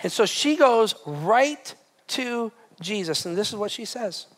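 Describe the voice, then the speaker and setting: A male pastor delivering a sermon to a live congregation, retelling scripture in a lively, conversational way with frequent restarts. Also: high voice, measured pace. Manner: animated, conversational storytelling with many restarts. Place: church hall with live congregation.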